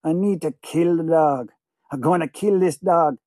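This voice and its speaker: A man's voice: fairly high pitch, a little slow, dark tone, no room sound. Feverish male audiobook narrator. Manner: feverish, obsessive repetition. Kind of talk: first-person audiobook narration.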